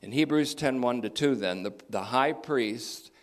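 A man teaching a Bible passage verse by verse, deliberate and emphatic, often repeating key phrases. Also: medium pitch.

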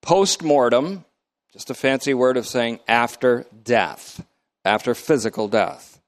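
An older man leading a Bible study in a lecture style, emphatic and slow to define each term, his pitch often swinging up and down. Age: middle-aged or older. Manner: emphatic, defines terms slowly word by word.

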